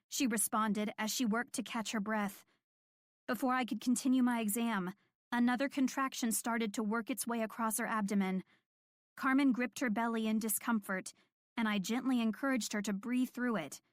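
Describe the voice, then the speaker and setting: A woman reading a first-person audiobook in a calm, measured, clear voice. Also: a little high, no echo, clean studio sound. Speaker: audiobook narrator.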